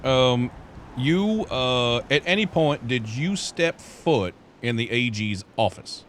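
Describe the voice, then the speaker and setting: A man's voice: mid-range voice, animated, slow pace, a bit bright, a little hiss or hum. A man in a roleplay, questioning his client in a methodical way with legal jargon. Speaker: lawyer character in roleplay.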